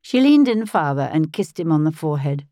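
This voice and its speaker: A woman narrating a first-person audiobook in a calm, measured storytelling manner, close to the mic. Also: low-pitched, dry recording.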